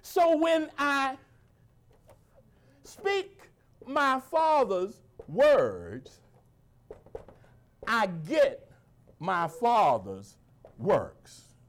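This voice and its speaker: A man preaching in a high voice that swings widely in pitch. He quotes old scripture and talks informally with the congregation, slowing right down on the lines he wants them to repeat. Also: sing-song. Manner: preaching with a call-and-response cadence, slowing to stress lines; informal speech, asking the congregation for agreement. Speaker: pastor. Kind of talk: sermon.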